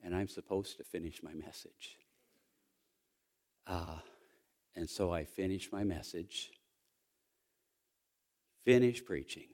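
A man preaching a sermon, telling a story quietly and then rising into loud, excited preaching. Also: deep voice, takes it slowly, long pauses. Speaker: pastor.

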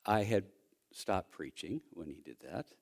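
A man preaching a sermon, telling a story quietly and then rising into loud, excited preaching. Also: low-pitched, a little slow. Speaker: pastor.

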